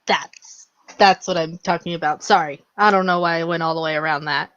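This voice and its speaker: A woman's voice: deep voice, steady tone, brisk, fairly bright tone, dry recording, lo-fi sound. A woman running a tabletop game as game master, talking casually and chattily and apologizing often.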